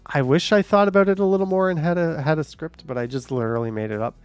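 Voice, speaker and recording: A man's voice: on the high side, fast, clean tone, no echo, soft background music. A man hosting a casual livestream, reading out chat comments with joking, sarcastic asides and a bit short of breath.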